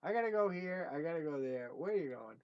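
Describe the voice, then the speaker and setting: An older man hosting a livestream of his songs, chatting casually and rambling with plenty of "uh" fillers, then signing off warmly to his viewers. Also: fairly high pitch, lively intonation, quick pace, no echo. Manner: warm, encouraging sign-off. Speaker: singer-songwriter hosting a livestream. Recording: dull, muffled lo-fi sound with faint music.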